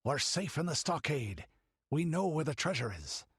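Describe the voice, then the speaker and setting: Man doing a breathless gruff buccaneer. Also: on the high side, sing-song, normal speed, no room sound, clean studio sound, pitched above the performer's own voice, full character voice. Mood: grim. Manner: panting, breathless. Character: hardened male buccaneer, out of breath.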